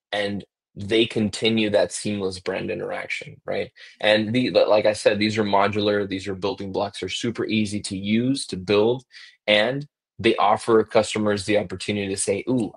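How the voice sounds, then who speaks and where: A man's voice: fairly low pitch, breathy edge. A man on a business podcast explaining his company's survey tool, often restarting words and checking in with "right?". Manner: repeats words while explaining, asks "right?". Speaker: guest from a survey software company.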